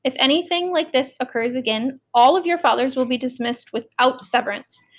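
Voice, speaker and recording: A woman's voice: high-pitched, normal speed, muffled recording. A woman voicing a stern, hot-tempered middle-aged male prison warden who lectures and scolds.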